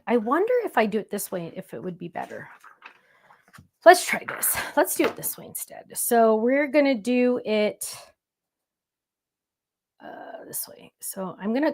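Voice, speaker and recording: A woman hosts a casual crafting demonstration, chatty and easily excited as she talks through what her hands are doing. Her voice sits a little high for a woman. She speaks close to the mic from her craft desk. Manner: excitable, chatty, exclaims and talks herself through each step. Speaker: crafting show host.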